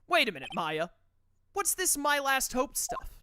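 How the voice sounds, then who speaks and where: A woman's voice: high voice, big pitch swings, a little slow, voice pushed up. A woman reading the lines of an earnest young male defense lawyer, questioning insistently, with game music underneath. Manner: pressing, questioning.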